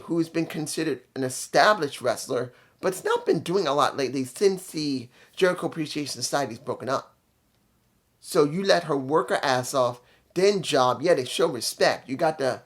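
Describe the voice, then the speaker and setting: Blunt, rambling male reviewer. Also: on the high side. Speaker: wrestling show reviewer. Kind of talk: casual spoken review.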